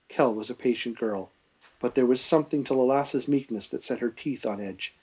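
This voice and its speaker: A man's voice: mid-range voice, a little fast, recorded from a distance. Man reading a novel aloud, lo-fi. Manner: steady storytelling with small self-corrections. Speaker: reader.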